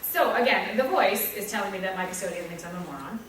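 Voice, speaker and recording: A woman teacher with a Canadian English accent talks frankly about her work, poking fun at herself. Her voice sits at a middle pitch. It is recorded from some distance in a very echoey room with faint ambience behind it. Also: animated, fast talker, a bit bright, slight background noise. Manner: candid, self-deprecating, with acted-out asides. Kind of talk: reflective talk on her teaching practice.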